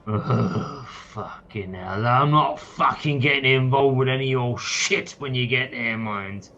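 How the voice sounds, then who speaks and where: A man's voice: medium pitch, a little slow, sharp tone. A man voicing a stunted, surly male satyr guide who swears constantly, grumbling, on a dull lo-fi mic.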